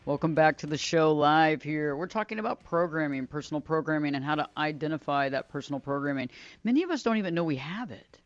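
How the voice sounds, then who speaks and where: A woman's voice: sits low, fast, no echo, dull audio. A woman hosting a radio talk show, speaking conversationally, repeating phrases for emphasis. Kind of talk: solo talk radio monologue.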